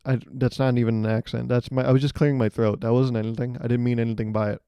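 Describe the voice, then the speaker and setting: A man's voice: medium pitch, level tone, quick pace, hardly any pauses, clear, resonant tone, no room sound, clean studio sound. A young man hosting a solo podcast, telling rambling stories with a sarcastic edge. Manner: rambling and sarcastic, acts out loud voices. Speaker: podcast host. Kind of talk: solo comedic storytelling.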